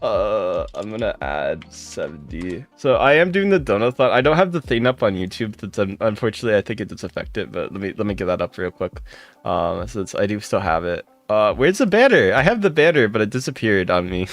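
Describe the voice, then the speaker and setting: A livestreamer in casual chat with viewers, warm and thankful, greeting people by name and breaking into giggles. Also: low-pitched, big pitch swings, brisk, faint music behind.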